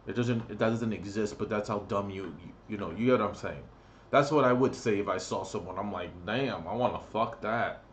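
A man's voice: lowish voice, fairly quick, a little hiss or hum. A man ranting on his vlog, crude and profane, blunt and mocking. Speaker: vlogger.

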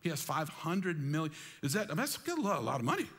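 A man preaching a sermon with high energy, calling on the congregation to join in and repeating phrases for emphasis. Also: fast, breathy edge. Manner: energetic, calls on the congregation to respond. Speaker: pastor. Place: church sanctuary.

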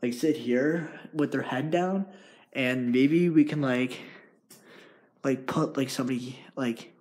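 A man's voice: medium pitch, slow, darkish tone. Rambling young man vlogging in a house. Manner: rambling, many fillers and restarts. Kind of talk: casual vlog. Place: empty house indoors. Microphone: handheld device.

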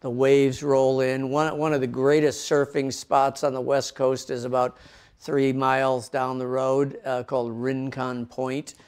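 A man's voice: medium pitch, level tone, a little slow, clean tone. A middle-aged man from the Midwestern United States, a pastor preaching a sermon and easing in with a casual story, often restarting his words. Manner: storytelling with frequent restarts and fillers. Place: home in a coastal town, recorded for online service.

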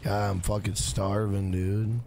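A man's voice: fairly low pitch, little pitch movement, measured pace, gravelly, mellow, a little hiss or hum. A man live-streaming a video game, swearing often and greeting viewers in chat by name. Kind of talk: live gaming stream commentary.

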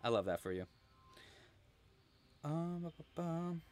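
Relaxed man murmuring through a crochet stream. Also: fairly high pitch, takes it slowly, a little hiss or hum. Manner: relaxed, murmurs to himself while working, chatty with viewers. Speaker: crochet livestream host. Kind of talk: casual livestream tutorial.

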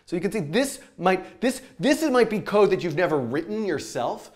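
A man talking through code as he writes it, animated and a little scattered. He rambles, corrects himself and laughs at his own mistakes, keeping the lesson loose and informal. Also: high voice, moderate pace. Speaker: programming teacher. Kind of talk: live-coding tutorial.

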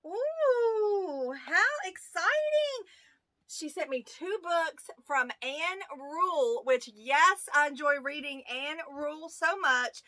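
A woman with a rural American accent hosting a casual unboxing video, excitable and gushing as she talks to her viewers. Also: high voice, no echo. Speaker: YouTube channel host. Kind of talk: casual unboxing of fan mail.

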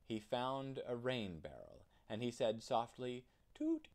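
A man narrating a children's storybook in an expressive storytelling manner. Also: mid-range voice, measured pace. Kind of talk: children's storybook read-aloud.

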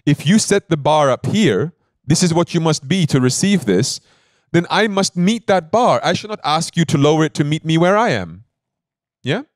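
A man's voice: fairly high pitch, lively intonation, normal speed, no room sound, studio quality. A man giving a devotional sermon as a spiritual teacher, telling a story in an emphatic, conversational way and often checking in with his listeners.

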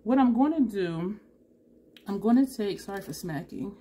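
A woman's voice: medium pitch, lively intonation, normal speed, dark tone. A woman vlogger chatting through a makeup tutorial, thinking aloud and correcting herself as she goes. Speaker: beauty vlogger.

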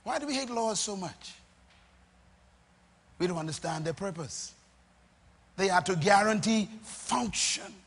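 A Bahamian man preaching a sermon, asking the crowd questions and answering them, dropping soft and then rising to loud emphatic lines. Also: high voice, animated, measured pace, pauses often, breathy edge, big-room sound. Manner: emphatic, call-and-response questions, swings between soft and loud.

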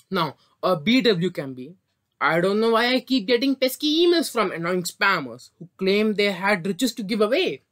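A man's voice: high-pitched, a bit bright. A man giving an English vocabulary lesson from a script, sometimes tripping over words and correcting himself. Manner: stumbles and apologizes for slips. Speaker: English teacher.

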